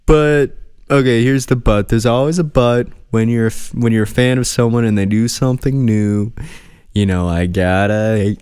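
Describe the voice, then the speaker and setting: Slow-talking man rambling on his podcast. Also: medium pitch, a little mellow, smooth, dry recording, clean studio sound. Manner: rambling and chatty, talking to the camera. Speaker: podcast host. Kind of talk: casual solo podcast chat. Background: music playing.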